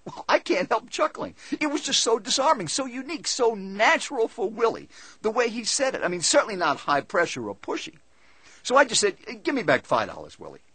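A man telling a first-person story to an audience in a lively, conversational way. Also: extremely high pitch, a little fast, slightly rough, no echo. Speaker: seminar speaker.

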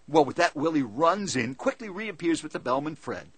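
Husky-voiced male speaker, animated storytelling, higher-pitched delivery. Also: normal speed, hardly any pauses, no echo. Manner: lively, conversational, animated storytelling. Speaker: seminar speaker. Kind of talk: first-person storytelling talk.

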